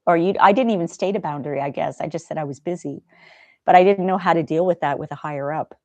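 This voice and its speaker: A middle-aged woman hosts a casual live-stream chat, gentle and talkative, reading out viewer comments as she goes. Her voice sits a little low. The sound is dry and close. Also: fast talker, no room sound, muffled recording. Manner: gentle, chatty, reads viewer comments aloud.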